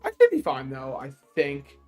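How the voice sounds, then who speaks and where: Man streaming a game, lively swinging pitch, rambling, profane, laughs a lot. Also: moderate pace, soft background music. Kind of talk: casual gaming stream chat.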